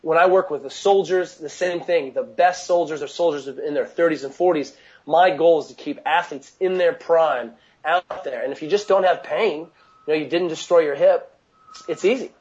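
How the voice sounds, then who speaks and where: A man's voice: fairly high pitch, normal speed, a little mellow, dull audio. A man coaching athletes, talking casually and energetically in an interview, with lots of "you know" fillers and restarts. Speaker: mobility coach.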